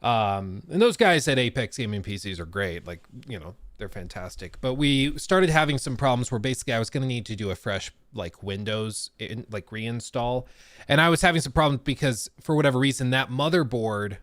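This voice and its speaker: A man's voice: medium pitch, expressive, brisk, a bit bright, dry recording. A man streaming gaming news in casual, jokey chat, rambling with restarts and coming down with a cold. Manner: rambling, jokey, self-deprecating, frequent restarts.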